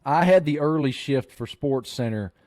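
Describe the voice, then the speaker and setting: A man hosting a podcast, telling a story in an earnest, animated way. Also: mid-range voice, normal speed. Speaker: podcast host. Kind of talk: storytelling chat.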